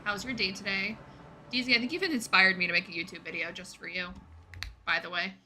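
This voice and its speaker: A woman's voice: medium pitch, brisk, noisy background. A woman streaming a game, chatting casually and answering her chat as she plays. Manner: chatty, reads and answers chat while playing. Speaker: gaming streamer.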